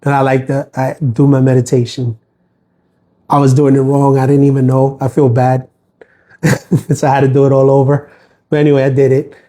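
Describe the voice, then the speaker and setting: A man's voice: mid-range voice, completely flat delivery, moderate pace, pauses often, mellow. A middle-aged man talking casually and with grievance on a livestream, rambling with many fillers and restarts. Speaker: postal worker livestreaming.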